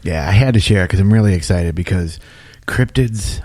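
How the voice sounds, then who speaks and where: Deep, dark-voiced man. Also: fairly quick, no echo. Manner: joking, self-deprecating, blunt. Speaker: co-host of a paranormal radio show. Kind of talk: casual banter.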